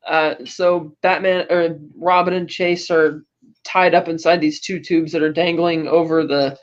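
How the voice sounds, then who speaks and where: This woman co-hosts a podcast, recapping a film with rambling chatter, lots of fillers and little laughs. She has a low voice, a flat delivery and a slightly slow pace, and the audio is dull and lo-fi.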